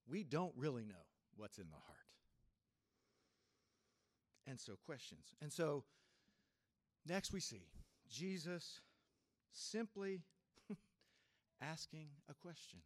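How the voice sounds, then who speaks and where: Male pastor, slightly high voice, dry close sound; reflective sermon delivery, gentle laughs, swings between firm and hushed. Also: very animated, no room sound. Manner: reflective, unhurried, with soft laughs and sudden shifts from loud to quiet.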